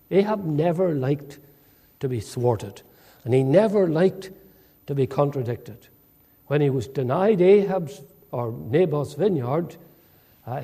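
A man preaching an expository sermon in a measured way, acting out quoted speech with many "uh" fillers. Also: medium pitch, warm tone, breathy edge. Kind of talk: sermon, expository Bible teaching.

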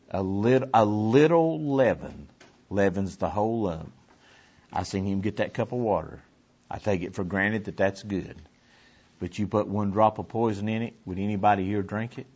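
A man preaching a sermon to a congregation, swinging between forceful emphasis and hushed near-whispers, repeating his phrases. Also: fairly low pitch, husky, dull audio. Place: church before a congregation.

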